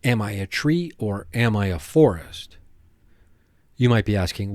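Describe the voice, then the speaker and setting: Low-voiced man rambling in a dry monologue. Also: expressive, a little mellow, no echo. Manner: rambling, halting, with many restarts. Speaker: podcast host. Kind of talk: casual monologue.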